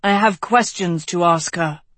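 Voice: mid-range voice, measured pace, a bit bright, dry recording, natural voice. Narrator doing a pushy young king, impatient, dry close mic. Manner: impatient, insistent.

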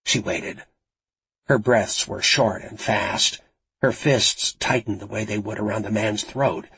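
A man reading a suspense novel aloud as narrator, dramatic and suspenseful in a gravelly voice. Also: on the low side, unhurried, fairly bright tone, low-quality recording. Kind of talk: scripted audiobook narration.

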